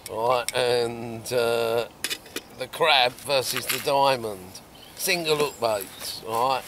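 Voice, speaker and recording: Man, middle-aged, animated storyteller, lakeside outdoors, faint background noise. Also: mid-range voice, slow pace. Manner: lively storyteller, bursts into loud chants. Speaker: carp angler guest. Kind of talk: animated anecdote telling.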